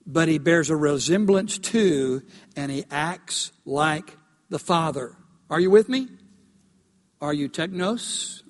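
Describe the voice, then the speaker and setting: A male pastor preaching a sermon, emphatic and animated, rising to loud peaks as he tells a story. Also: sits high. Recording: long hall reverb.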